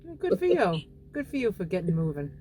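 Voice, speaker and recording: A woman's voice: mid-range voice, big pitch swings, fairly quick, mellow, slight background noise. A woman encouraging the members of a support group during a video call. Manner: encouraging, laughs along. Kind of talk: casual video call chat.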